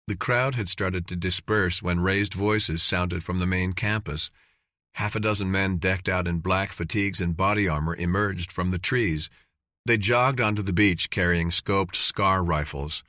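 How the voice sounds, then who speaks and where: A man narrating an audiobook in an even, measured reading. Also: low-pitched, no room sound, clean studio sound. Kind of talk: scripted narration.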